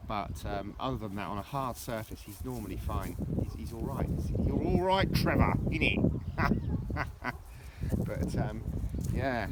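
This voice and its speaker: A middle-aged man chatting casually for his vlog, rambling and jokey with cheeky asides, recorded outdoors on a walk. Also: lowish voice. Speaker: vlogger. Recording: outdoor recording with loud background noise.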